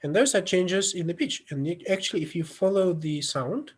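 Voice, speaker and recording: A man's voice: sits high, animated, breathy edge. A man giving an online lecture over a video call, explaining on a shared screen with many fillers and restarts. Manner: halting, many fillers and restarts, non-native phrasing.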